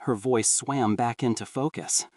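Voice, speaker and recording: A man reading a scripted horror story in a dramatic, expressive way, heard through a dry, distant-sounding mic. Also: mid-range voice, unhurried, no room sound. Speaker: narrator.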